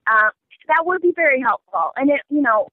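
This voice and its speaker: Young woman, chatty, fillers and laughs, a bit high voice, tinny phone line, dry. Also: expressive, brisk, no room sound. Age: young adult. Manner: chatty, many ums and small laughs. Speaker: guest. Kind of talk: casual political talk. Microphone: phone call.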